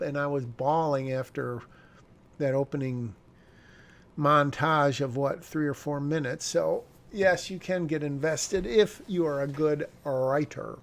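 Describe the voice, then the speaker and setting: Gravelly man musing over his screenplay. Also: fairly high pitch. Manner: rambling, self-correcting, wry asides. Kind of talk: casual talk about his screenplay.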